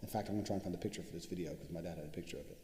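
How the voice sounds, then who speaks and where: A man's voice: sits low, mellow. A man giving an unscripted motivational talk as a course instructor, swearing often and boasting as he tells stories. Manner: profane, boastful, rapid storytelling. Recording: echoey room with long reverb.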